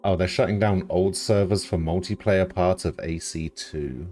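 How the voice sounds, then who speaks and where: Deep-voiced British man joking deadpan. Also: moderate pace, soft background music. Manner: dry, deadpan humor with casual swearing, reading and answering chat. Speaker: streamer. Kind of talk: casual live-stream chat.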